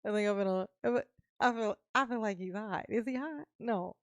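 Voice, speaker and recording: A woman's voice: mid-range voice, fairly quick, no room sound, dull audio. A woman streamer giving casual, teasing reaction commentary while she talks to her chat. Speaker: streamer reacting to a court livestream.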